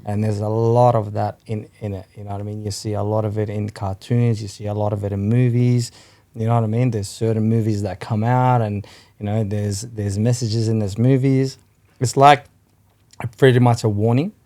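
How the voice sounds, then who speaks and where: A man's voice: fairly low pitch, level tone, normal speed, warm tone. A man from Australia, a podcast guest, rambling in casual chat and swearing freely as he keeps checking "you know what I mean.".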